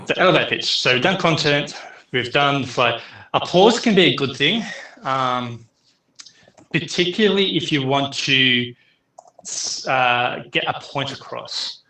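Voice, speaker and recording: A man's voice: medium pitch, animated, pushed and bright, roomy sound, low-quality recording. A middle-aged man, teaching an online class in a chatty way full of fillers. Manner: chatty, filler-heavy, speeds up and slows down. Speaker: university lecturer.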